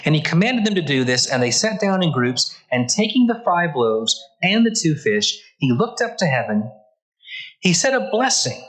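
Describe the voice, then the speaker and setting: A man's voice: on the high side, very animated, moderate pace, a bit bright, low-quality recording. Man teaching an earnest Bible class. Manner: earnest, emphatic teaching with repeated phrases; reads passages then stops to comment. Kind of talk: Bible class lesson, reading scripture aloud and explaining it.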